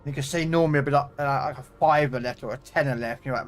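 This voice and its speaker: A man's voice: medium pitch, quick pace, few pauses. Rambling British man chatting on stream. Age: middle-aged. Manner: rambling, many fillers and restarts. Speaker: gaming streamer. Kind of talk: casual chat.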